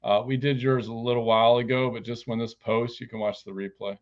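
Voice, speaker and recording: A man's voice: medium pitch, flat delivery, brisk. Blunt, foul-mouthed man reading cards. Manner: blunt, casual and heavily profane. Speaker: psychic card reader. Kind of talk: live online tarot reading. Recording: dull lo-fi stream audio.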